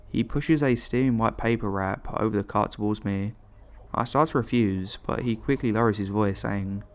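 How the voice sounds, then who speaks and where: Male horror narrator, lower pitch, even measured read. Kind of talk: scripted horror story narration.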